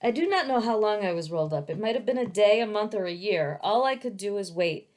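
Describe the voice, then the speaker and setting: A woman voicing an eager, gentle young male dragon who was born from a painting, telling his story in earnest. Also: medium pitch, lively intonation, a little fast, close to an everyday voice.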